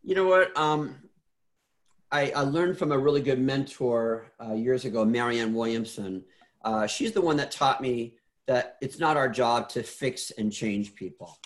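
A man's voice: mid-range voice, measured pace. A middle-aged man telling stories as an interview guest, earnest, often repeating and restarting words. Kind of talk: casual interview storytelling.

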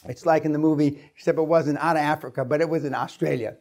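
A man with a fairly high voice tells a story to a seminar audience. He swears freely and keeps acting out the sounds of the action. His delivery is lively and unfiltered. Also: quick pace. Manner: profane, lively storyteller who acts out sounds. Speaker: seminar speaker. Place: seminar room.

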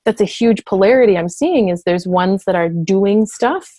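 A woman therapist talks through her ideas in an easy, explanatory way. She sometimes drops into quick acted voices. The sound is dry and close. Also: medium pitch, warm tone, no room sound. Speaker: therapist and parent coach. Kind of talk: conversational interview talk.

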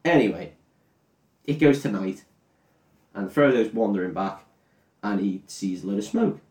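A man's voice: on the low side, animated, measured pace, a little mellow, recorded from a distance. A tipsy man with a crude, giggly manner, casually retelling a film plot as a podcast co-host. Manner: crude, giggly, swaps into silly character voices. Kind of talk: casual comedic film recap. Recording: echoey room.

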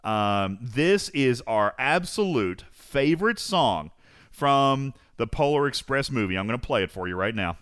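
A man hosting a podcast in casual chat, playful, teasing and excitable. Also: mid-range voice, unhurried, smooth, no room sound, studio quality. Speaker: podcast host.

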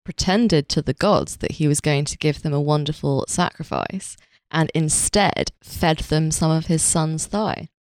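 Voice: mid-range voice, unhurried, no echo, studio quality. A podcast co-host bantering in a playful, jokey casual chat.

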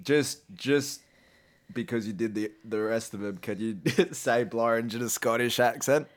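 A man's voice: mid-range voice, a little slow. A young man co-hosting a podcast, running a quiz with casual banter and laughing often as he teases. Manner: laughs often while teasing.

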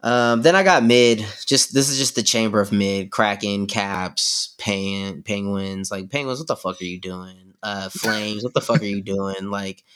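A man's voice: lowish voice, unhurried, few pauses, a bit bright, clear, resonant tone. A man co-hosting a sports podcast, talking loosely and profanely with lots of slang and fillers. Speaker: podcast co-host. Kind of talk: casual sports chat.

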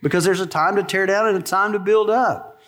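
A middle-aged preacher with a rather high voice, talking folksy and conversational from the pulpit. His words ring out in a big sanctuary with a long echo trailing behind them. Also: fairly even intonation, a little fast, fairly bright tone. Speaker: pastor. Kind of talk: sermon. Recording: long hall reverb.

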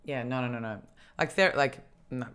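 A woman from Australia co-hosting a podcast, rambling in casual chat with frequent restarts and quick laughs. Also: very deep voice, a bit bright, smooth. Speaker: podcast co-host.

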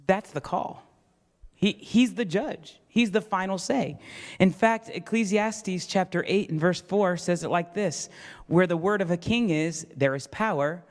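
Self-mocking pastor preaching in a reverberant church. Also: male voice, high voice. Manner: storytelling, self-mocking, acts out voices in quotes. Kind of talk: sermon. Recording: long reverb of a church hall.

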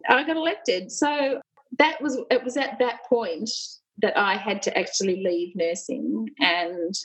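A woman's voice: medium pitch, a little slow, a little hiss or hum, low-quality recording. A middle-aged woman, a union leader and former nurse, telling personal stories candidly and with animation in an interview.

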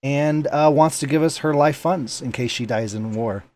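A man's voice: mid-range voice, moderate pace. A man co-hosting a podcast, telling stories in a casual, laughing way and reading listener emails. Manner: laughing, animated storytelling. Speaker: podcast co-host. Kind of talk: casual chat.

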